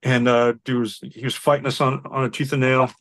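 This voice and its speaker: A man's voice: mid-range voice, brisk, no room sound. A man in network support telling a work story in casual chat, swearing freely and acting out what people said. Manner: animated, acts out quoted voices, swears casually.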